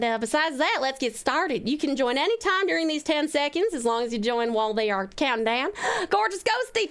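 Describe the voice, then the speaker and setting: A woman's voice: very high-pitched, fairly bright tone, exaggerated voice. A woman streamer putting on a folksy US Southern accent as a playful persona during live game commentary. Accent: US Southern, put on. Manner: folksy, drawling, affectionate.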